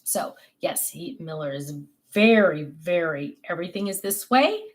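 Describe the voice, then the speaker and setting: An older woman hosting a crafting livestream, chatting casually to her viewers and telling animated family stories. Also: on the low side, a little slow. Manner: chatty, animated storytelling with laughs.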